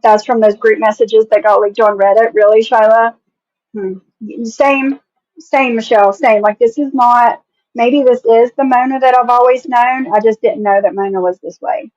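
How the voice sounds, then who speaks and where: A woman's voice: a little high, fairly even intonation, normal speed, a little mellow, no echo, lo-fi sound. A woman from West Virginia with a country accent, giving blunt, casual commentary on a stream and swearing freely.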